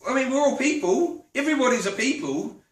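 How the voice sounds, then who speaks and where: A drunk woman rants in a casual vlog, indignant, sweary and rambling. Her voice sits high, and she sounds set back from the mic in an echoey room. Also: lively intonation, fairly quick, far from the mic. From New Zealand. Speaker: vlogger. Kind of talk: casual ranting monologue.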